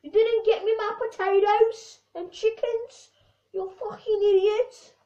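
Girl putting on a screaming sweary london guy on the phone, high and shrill, dull lo-fi sound. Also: steady tone, a little slow, reverberant. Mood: furious. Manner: shouting insults, swearing nonstop. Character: furious foul-mouthed London bloke yelling down the phone.

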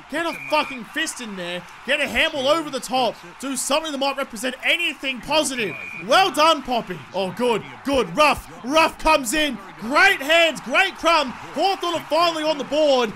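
A young man giving excitable live commentary over a football video game, swearing and shouting at his players. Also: very high voice. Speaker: gaming YouTuber.

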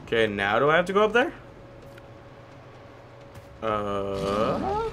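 A man's voice: medium pitch, huge pitch swings, slow pace, long pauses, fairly bright tone, a little hiss or hum. A man casually commenting on his own gameplay as a video host, rambling and talking to himself, with a cracky voice that breaks now and then. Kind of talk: casual let's-play commentary.

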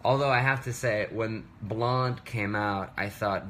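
A man's voice: lowish voice, measured pace, few pauses, a bit bright, slight background noise. A man in his thirties chatting casually on a livestream from his home work desk, rambling and interrupting himself in a playful way. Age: 30s. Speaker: musician livestreaming.

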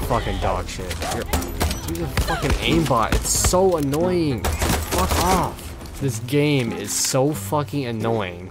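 Swearing, exasperated young gamer man. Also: medium pitch. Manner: swearing, exasperated, loud outbursts. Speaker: gameplay streamer. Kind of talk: casual gaming commentary. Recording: game music behind.

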